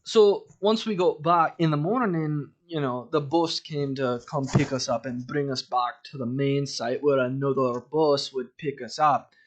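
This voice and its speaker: A man's voice: mid-range voice, a little slow, hardly any pauses. A young adult man hosting his own podcast, telling a long rambling story in a casual, profane, self-amused way. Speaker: podcast host.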